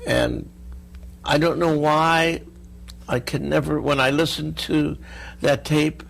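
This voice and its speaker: An older man with a gravelly voice, speaking slowly and haltingly as an interview guest. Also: a little high, fairly even intonation. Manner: slow, halting, apologetic. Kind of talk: recorded TV interview.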